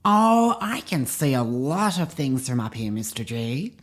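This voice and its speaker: An excitable young carpet rider gushes over the view below, as a man puts him on. He talks in a bright, eager way and tips into high, panicked yelling. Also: a little slow. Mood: chirpy. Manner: gushing, then panicked screaming as he falls. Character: young male cartoon-style flying carpet rider, excitable.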